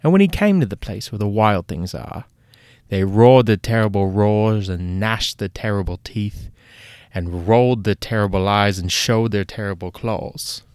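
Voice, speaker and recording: A man's voice: on the low side, darkish tone, smooth, no echo, studio quality, close to an everyday voice. A man voicing a British gangster's right-hand man with a put-on British accent, telling a long, theatrical tale. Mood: storytelling. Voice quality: theatrical, drawn-out storytelling.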